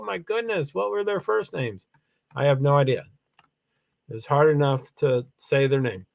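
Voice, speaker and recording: A tired man hosting a casual livestream, rambling with many fillers as he reads out names and chats to viewers. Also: sits high. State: tired, yawning. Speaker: livestream host.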